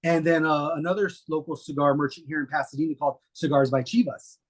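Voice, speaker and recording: Husky-voiced man telling stories. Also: fairly high pitch, quick pace. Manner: relaxed, rambling, many fillers. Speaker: guest. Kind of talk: casual storytelling interview.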